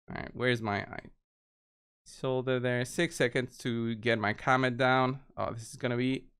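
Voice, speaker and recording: A man's voice: medium pitch, a bit bright, clean tone. A man giving casual gameplay commentary, walking viewers through each move step by step. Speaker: game video creator.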